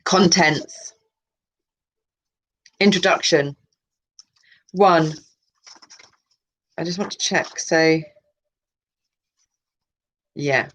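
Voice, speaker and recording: A woman's voice: low voice, drawn-out words, pauses often, fairly bright tone, low-quality recording. A woman reading a colour card list aloud as a channel host, drifting into musing, self-interrupting asides.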